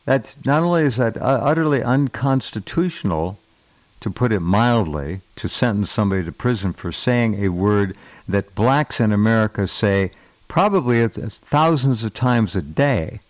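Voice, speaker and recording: A man's voice: fairly low pitch, animated, moderate pace, no room sound, low-quality recording. A man hosting a talk radio show, speaking bluntly and stumbling over the first words of his sentences. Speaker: radio host. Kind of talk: casual talk radio chat.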